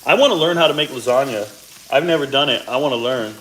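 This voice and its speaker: A man in his forties talks loosely to his viewers as he cooks, drifting into side stories between steps. His voice sits at an ordinary middle pitch, with the occasional cough from a sore throat. A faint sizzle of frying food runs underneath. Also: expressive, quick pace, a bit bright, slight background noise, low-quality recording. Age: 40s. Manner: chatty, rambling asides while cooking. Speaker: cooking vlogger. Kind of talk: casual cooking chat to viewers. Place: home kitchen, cooking at the stove.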